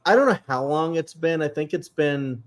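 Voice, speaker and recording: A man co-hosting a casual chat show, rambling with many fillers, excitable and a little emotional. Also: a little high, moderate pace. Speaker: co-host.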